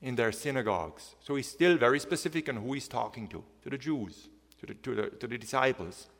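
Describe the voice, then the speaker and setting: A man preaching a sermon, reading scripture aloud and asking the congregation questions, with slow, emphatic stress on key words. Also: medium pitch, lively intonation, gravelly, fairly bright tone. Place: church hall. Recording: long hall reverb.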